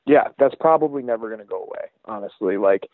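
A man's voice: lowish voice, quick pace, dry recording. Man on a tinny phone line. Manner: laid-back, conversational, profane. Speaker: podcast co-host. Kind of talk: casual fight-betting chat.

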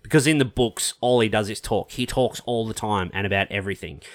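A man's voice: lowish voice, a little fast, no echo, clean studio sound. A talkative man co-hosting a podcast, rambling casually and swearing now and then. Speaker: podcast co-host. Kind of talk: casual chat.

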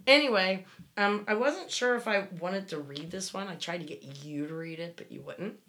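A woman's voice: mid-range voice, moderate pace, a bit bright. A woman co-hosting a casual podcast, reading listener messages and talking frankly, swearing freely. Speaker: podcast co-host.

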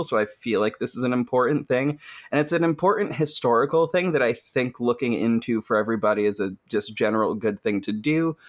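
A man hosting a podcast in casual chat, laughing often and swearing freely as he tells the story. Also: medium pitch. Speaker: podcast host.

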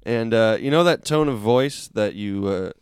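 A man co-hosting a podcast, telling a story in casual chat, animated and profane, loudly acting out what people said. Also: lowish voice, normal speed, clear, resonant tone, dry recording, clean studio sound. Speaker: podcast co-host.

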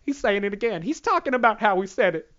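A man's voice: high voice, animated, fast talker, a bit bright, highs cut off, voice pushed up. A man voicing a shocked, outraged male bystander in a squealing, scandalized voice.

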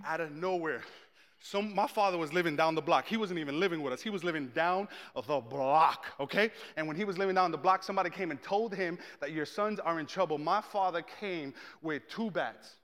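A man telling a personal story in a sermon, animated and joking, acting out the people in it. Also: on the high side, a little fast. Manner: animated, humorous, acts out the people he quotes. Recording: long reverb in a large hall.

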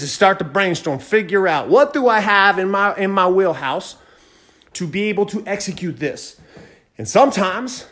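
A man hosting a podcast, fast-talking and fired up, giving a motivational monologue and repeating phrases for emphasis. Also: sits high. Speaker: podcast host.

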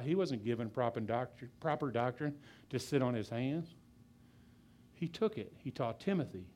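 Male pastor, fast and loud passionate preaching, drops into quiet low asides. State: out of breath. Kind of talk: sermon.

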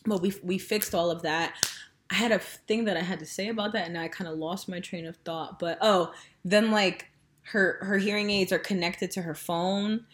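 A woman's voice: fairly low pitch, moderate pace. A young woman casually chatting as a podcast co-host, telling a story animatedly and swearing freely. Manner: storytelling, profane, animated when retelling. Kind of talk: casual chat.

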